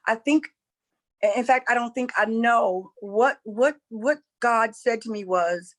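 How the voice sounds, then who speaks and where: A high-pitched woman talks like a preacher. She speaks emphatically, repeats her points and calls her listeners y'all. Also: slow pace, rough recording. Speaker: spiritual coach and former preacher. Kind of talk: impassioned preaching-style talk.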